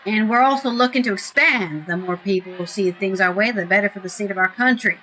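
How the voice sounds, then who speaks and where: A woman reading a gruff, scornful male townsman agitator in a loose British accent, in a bright voice. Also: mid-range voice, a little fast, slight background noise, close to an everyday voice, poor audio. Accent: British attempt.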